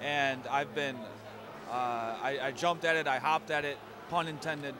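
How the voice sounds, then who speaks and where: A man's voice: medium pitch, steady tone, unhurried. A man in his thirties, a pro wrestler answering interview questions in a friendly, chatty way. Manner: friendly and chatty, repeats words and says "man" often. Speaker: professional wrestler guest. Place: outdoors at a busy fan convention. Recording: crowd noise behind.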